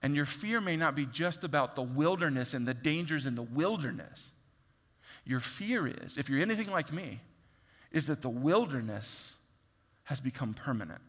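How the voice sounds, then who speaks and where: A man preaching a sermon, acting out voices and swinging from loud to hushed. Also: fairly high pitch, animated, moderate pace, in a large hall. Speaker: pastor.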